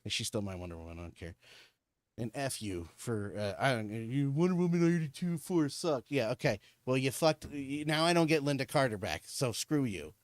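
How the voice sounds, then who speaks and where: A man co-hosts a casual chat podcast, ranting with lots of swearing and enthusiasm. His voice sits at an ordinary mid pitch. The sound is dry and close. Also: normal speed, dry recording. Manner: excitable, profane ranting with frequent laughs. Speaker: podcast co-host.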